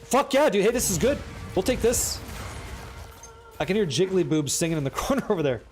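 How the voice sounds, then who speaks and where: A man streaming a game live, excitable and profane as he banters with his chat. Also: sits high, brisk, soft background music. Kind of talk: live gameplay commentary chatting with viewers.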